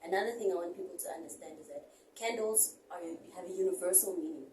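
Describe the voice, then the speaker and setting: South african woman, interview guest, calm explainer, low mellow voice, roomy echo, distant mic. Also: fast talker. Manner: calm, explanatory, mixes in Zulu words. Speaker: spiritual guest. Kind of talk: casual interview chat. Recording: echoey room, mic at a distance, faint noise.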